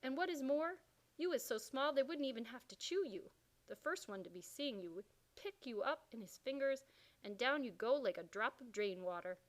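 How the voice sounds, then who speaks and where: A woman's voice: sits high, lively intonation, normal speed. A woman voicing a huge, kindly old male giant who speaks in mangled grammar and made-up words. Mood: earnest.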